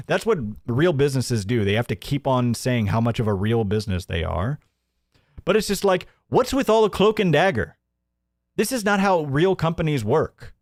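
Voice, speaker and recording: A man's voice: mid-range voice, no echo, studio quality. A man hosting a casual livestream news show, sarcastic and mocking, reading viewer donations aloud.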